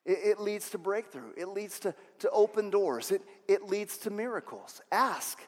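A man preaching a sermon, animated, acting out voices and swinging from loud to hushed. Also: sits high, moderate pace. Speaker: pastor. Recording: long hall reverb.

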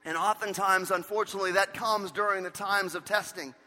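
A pastor with a high, bright voice delivers a sermon, pressing each point home by repeating phrases. A long reverb rings around him, as in a big church sanctuary. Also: male voice, steady tone, fairly quick. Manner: emphatic preaching with repeated phrases. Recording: long reverb of a large hall.

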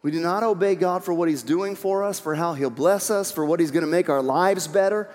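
A man's voice: sits high, a little fast. A man preaching a sermon as pastor, emphatic, repeating key phrases and coaxing the congregation along. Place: church sanctuary. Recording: long hall reverb.

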